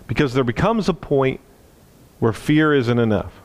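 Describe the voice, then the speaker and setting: A male preacher with an average-pitched voice tells a personal story in a sermon. He speaks earnestly and lets his voice sink low and quiet at the tender moments. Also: lively intonation, moderate pace.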